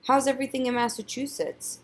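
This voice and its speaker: A woman's voice: high voice, little pitch movement, brisk, pitched above the performer's own voice. A woman voicing a homesick, restless young boy, eager and pleading in a storybook read-aloud. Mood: excited.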